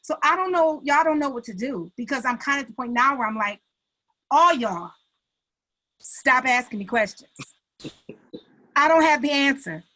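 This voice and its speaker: A woman speaking on a video call, blunt and exasperated, with emphatic, animated delivery. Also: sits high, quick pace, few pauses, rough recording. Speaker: call participant, artist. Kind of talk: candid group video call.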